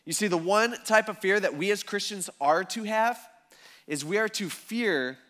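A male pastor preaching a conversational sermon to a church congregation, telling the story in a casual, animated way with lots of fillers. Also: high-pitched, normal speed. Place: church service before a congregation.

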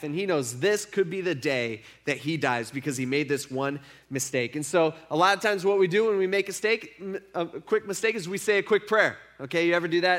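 A man's voice: fairly high pitch, fairly bright tone. A young man giving a casual sermon, retelling a story in a conversational way with lots of fillers. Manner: conversational, filler-heavy storytelling with acted quotes. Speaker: preacher.

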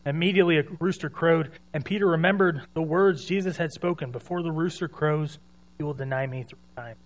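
A man's voice: on the high side, a little fast. A man preaching a sermon in an earnest, conversational way, retelling scripture in his own words.

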